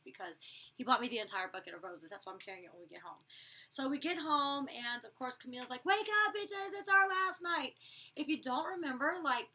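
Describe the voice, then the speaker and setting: A woman's voice: mid-range voice, pushed and bright, recorded from a distance. A woman in her twenties recapping a reality show episode in a casual, rambling vlog, blunt and profane when she vents. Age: 20s.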